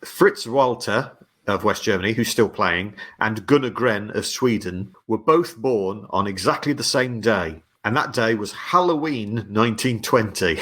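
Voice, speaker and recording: A man co-hosting a comedy podcast, telling football history in a dry, steady storytelling manner. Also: fairly low pitch, measured pace. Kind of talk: casual podcast chat.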